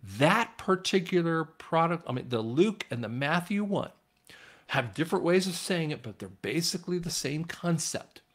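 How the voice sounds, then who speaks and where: A man's voice: fairly high pitch, animated, normal speed, a bit bright. A man giving informal Bible teaching, rambling with restarts and retelling scripture in a casual, conversational way.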